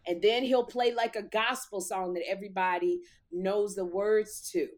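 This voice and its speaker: A woman comic telling a story in lively chat, acting out quotes in a loud voice. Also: mid-range voice, normal speed. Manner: animated, acts out quotes loudly. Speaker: talk show host and comic, guest.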